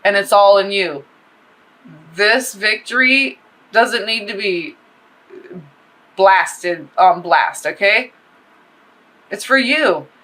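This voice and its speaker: A woman with a bright voice chats through a tarot reading. She rambles, swears freely and gets animated as she talks. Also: mid-range voice, takes it slowly, long pauses, rough recording. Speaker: tarot reader. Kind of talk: casual tarot reading monologue.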